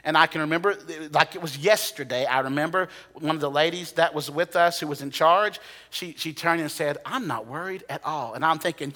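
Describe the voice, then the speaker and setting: A man preaching a sermon, telling a personal story dramatically, sometimes dropping to a hush and sometimes rising to excited bursts. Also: fairly high pitch, a little fast. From United States. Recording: long hall reverb.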